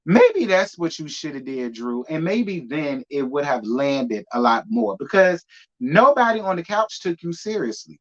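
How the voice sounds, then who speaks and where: A man's voice: fairly high pitch, very animated, normal speed. A man hosting a live reality TV review, talking in a sassy, emphatic way and repeating lines for effect. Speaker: reality TV recap host. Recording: muffled lo-fi audio.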